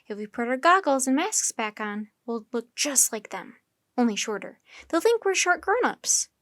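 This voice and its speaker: A woman's voice: high voice, no echo, studio quality. Woman doing an eager little girl. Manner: bright, excited, quick to suggest plans. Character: eager young girl, bold and chatty.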